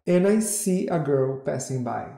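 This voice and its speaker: A man's voice: on the high side, a little slow, creaky. A man, a model agent, telling stories in a podcast interview and acting out the people he quotes. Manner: animated, acts out quoted voices. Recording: echoey room.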